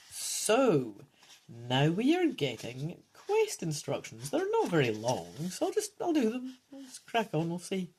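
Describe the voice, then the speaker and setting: A woman's voice: lowish voice, huge pitch swings, a little slow, darkish tone, slight background noise. A woman reading a gamebook aloud and chatting casually, often sidetracking and correcting herself. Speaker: gamebook player and reader. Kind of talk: casual playthrough narration.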